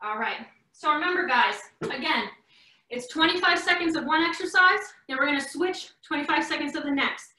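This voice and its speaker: Young woman, fitness coach, high bright voice, upbeat and encouraging, slightly breathless, echoey room, mic far off. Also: fairly quick. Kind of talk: live online workout class.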